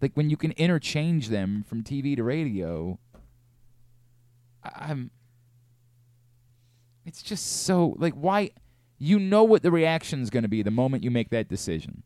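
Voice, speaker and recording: A man hosting a sports talk radio show, ranting in an animated, exasperated way from a studio. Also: medium pitch, a little slow, pauses often, dry recording.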